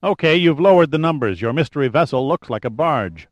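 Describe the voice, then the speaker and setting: A man doing a groggy, raspy night-shift tech. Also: fairly high pitch, lively intonation, a little fast, dry recording, pitched above the performer's own voice, lightly acted. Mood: grumbling. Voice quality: raspy over a speakerphone. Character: groggy, grumbling male data technician woken at night.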